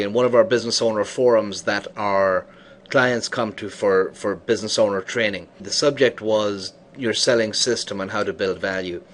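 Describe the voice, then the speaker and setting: A man teaching business owners about selling, telling an example story and voicing the people in it as he goes. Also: medium pitch. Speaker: business coach. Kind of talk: scripted teaching monologue with storytelling.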